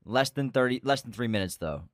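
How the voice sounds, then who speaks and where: Male co-host, middle pitch, relaxed recap chatter, asks for confirmation, dry booth sound. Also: a little fast, dry recording. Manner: laughs often and checks facts with his co-host. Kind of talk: casual chat recounting a film from memory.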